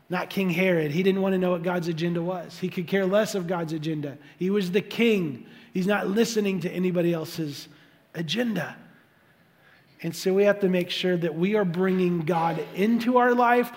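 A man preaching a sermon as pastor, animated, acting out the voices he quotes. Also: sits high, in a large hall.

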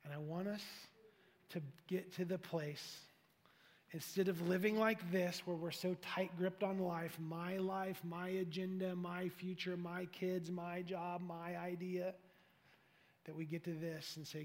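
A man's voice: high voice, flat delivery, measured pace, in a large hall. A male pastor preaching and leading a prayer, earnest and pleading, repeating his phrases. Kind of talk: sermon closing into prayer.

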